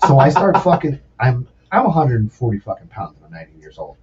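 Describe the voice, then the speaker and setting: A man's voice: mid-range voice, fast, hardly any pauses, crowd noise. A man in his forties telling rambling, profane stories in a casual podcast chat. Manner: profane, rambling, animated storyteller. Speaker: podcast guest, former sous chef. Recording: distant mic, dull lo-fi sound, faint background noise.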